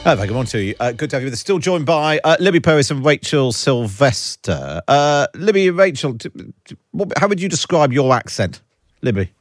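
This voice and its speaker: A man presenting a live radio talk show, quick and halting, with many restarts. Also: mid-range voice, big pitch swings, dry recording.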